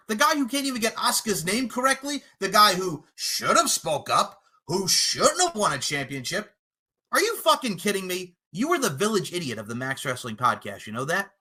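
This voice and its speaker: Cocky guy trash-talking in a wrestling promo, high voice that swings all over, swears a lot. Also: very animated, normal speed, pushed and bright. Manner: brash, boastful, taunting, profane. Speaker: wrestling podcast personality.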